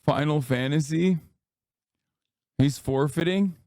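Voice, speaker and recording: Sarcastic joking streamer, dry close sound. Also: male voice, fairly high pitch, takes it slowly, a little mellow, dry recording. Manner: sarcastic, joking, laughs often. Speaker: streamer reacting to a clip. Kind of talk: casual live-stream commentary.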